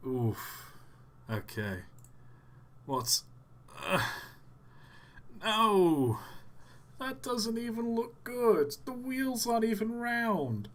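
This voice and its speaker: A man's voice: high voice, sing-song, very slow, pauses often, a bit bright. A man hosting a live stream, tired and yawning, giving dry, sarcastic running commentary on pictures with groans of disbelief. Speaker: livestream host.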